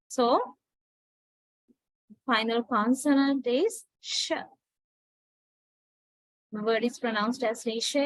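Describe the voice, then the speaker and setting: A woman teaching a class, slowly and deliberately repeating words to drill pronunciation. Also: a little high, no room sound, rough recording. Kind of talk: classroom lecture.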